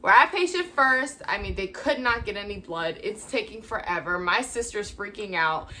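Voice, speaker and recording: A woman's voice: mid-range voice, expressive, normal speed, pushed and bright. A young woman hosting a vlog, chatting casually and laughing often as she acts out what people said. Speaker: vlog host. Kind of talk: casual storytelling.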